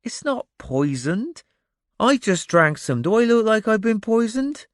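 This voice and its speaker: A man's voice: sits high, sing-song, a little slow, no room sound, clean studio sound, pitched above the performer's own voice. A man narrating an audiobook, voicing a level-headed farm boy who reasons patiently with his friends. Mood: reassuring.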